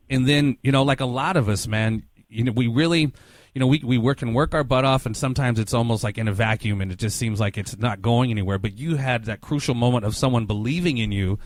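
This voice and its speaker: A man's voice: mid-range voice, no room sound, studio quality. A man hosting a podcast interview, encouraging his guest and filling his sentences with "you know". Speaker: podcast host. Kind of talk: casual interview.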